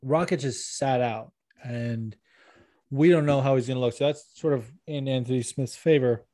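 A man with a warm, medium-pitched voice hosts a casual podcast at a moderate pace, with no room sound. He rambles, uses lots of fillers, and laughs easily as he reads out listener questions.

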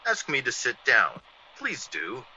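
An actor playing a suave, mysterious male intruder in an old-time radio drama, smooth and quietly mocking. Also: medium pitch, wildly swooping pitch, a little slow, slight background noise, exaggerated voice. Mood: calm, teasing. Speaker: uninvited visitor. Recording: dull lo-fi old radio broadcast.

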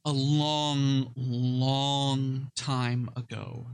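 A man voicing an ancient woman who tells a legend of a lost empire in a slow, solemn way. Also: mid-range voice, flat delivery, clean tone, poor audio. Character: ancient woman telling her people's legend.

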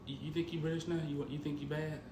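A man co-hosting a casual podcast chat, playful and teasing, animated, often repeating words. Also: on the high side, fast. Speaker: co-host. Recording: echoey room with noise.

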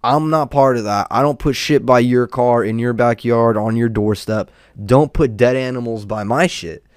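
A man's voice: mid-range voice, moderate pace, clear, resonant tone, dry recording, studio quality. A young man hosting a podcast, telling a rambling, profane story about his neighbor in a casual, exasperated rant. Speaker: podcast host.

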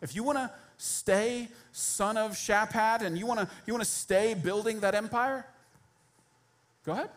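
A man in his thirties preaching a sermon as pastor, telling a biblical story in an animated way and acting out its characters. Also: high voice, measured pace.

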